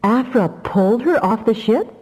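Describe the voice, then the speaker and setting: A woman reading an audiobook, voicing a calm and wise older woman who speaks briskly. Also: on the high side, big-room sound, voice pushed up, poor audio. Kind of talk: audiobook character voice.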